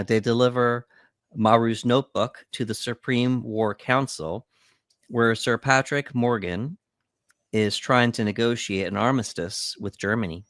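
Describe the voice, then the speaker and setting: A man's voice: fairly low pitch, dry recording, clean studio sound. A man co-hosting a podcast, casually recapping film scenes and acting out quotes. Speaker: podcast co-host. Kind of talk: casual movie breakdown chat.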